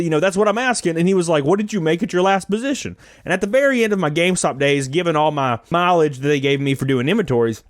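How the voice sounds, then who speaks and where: A man's voice: high-pitched, dry recording, studio quality. A young American man telling a job interview story to his channel, sarcastic and swearing, laughing at himself. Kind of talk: casual storytelling rant.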